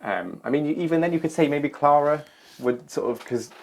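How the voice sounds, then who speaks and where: A man co-hosting a podcast in casual chat, measured and hedging as he thinks aloud. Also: a little high, animated, creaky. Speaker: podcast co-host.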